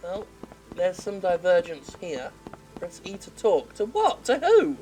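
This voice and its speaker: A woman's voice: on the low side, sing-song, a little slow, warm tone, low-quality recording. A woman game critic giving sarcastic, profane commentary while playing. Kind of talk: sarcastic let's-play commentary.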